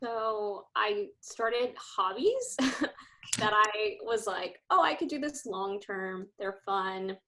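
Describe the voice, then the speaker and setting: A woman teacher speaking as a panel guest over a video call, chatty, with many "like"s and quick laughs. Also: mid-range voice, bright, forceful tone. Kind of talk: casual panel discussion.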